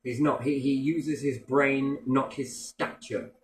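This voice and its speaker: A man's voice: mid-range voice, fairly even intonation, slow pace. Blunt, sweary man in an echoey room. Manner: blunt, heavy swearing, acts out quoted voices. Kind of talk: casual storytelling chat.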